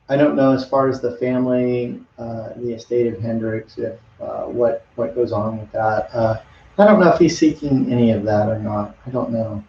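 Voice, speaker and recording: A man's voice: medium pitch, darkish tone, slight background noise. Chatty man painting live, echoey room. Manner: rambling, chatty, talks to viewers between brushstrokes. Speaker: artist streaming a live painting demo. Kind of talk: casual live-stream chat while painting. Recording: dull lo-fi audio in an echoey room.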